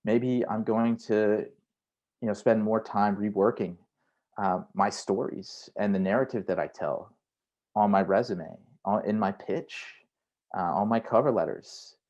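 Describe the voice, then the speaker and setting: Male career coach with a slightly low voice, relaxed and chatty workshop delivery, keeps tagging lines with "right?". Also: measured pace, muffled recording. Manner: conversational, frequent "right?" tags; acts out inner voices in quotes. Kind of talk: online workshop talk.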